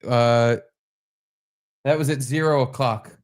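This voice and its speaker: A man in the middle of his pitch range, co-hosting a loose podcast. He talks casually and crudely, often slipping into mocking put-on voices as he reads messages aloud. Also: steady tone, slow. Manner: crude, joking. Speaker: podcast co-host.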